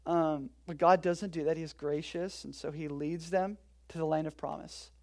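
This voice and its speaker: Casting: relaxed preacher, mid-range voice, jokey storytelling sermon with big loud-to-soft swings. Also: medium pitch, normal speed. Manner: casual, joking storytelling with sudden swings between loud and quiet. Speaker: pastor. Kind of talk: conversational sermon.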